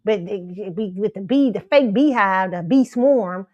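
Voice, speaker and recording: A woman's voice: medium pitch, moderate pace, dry recording, dull audio. Sassy, blunt woman host. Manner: blunt, sassy, animated, laughs often. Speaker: show host. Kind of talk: pop culture commentary livestream.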